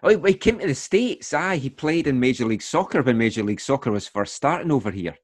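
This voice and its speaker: A man's voice: mid-range voice, animated, quick pace, no room sound, clean studio sound. A man interviewing a guest in casual conversation, adding short, agreeable remarks.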